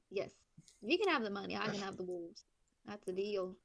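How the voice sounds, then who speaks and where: A woman playing a tabletop game, giggly and flustered as she talks. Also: mid-range voice. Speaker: player. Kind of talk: casual tabletop game play.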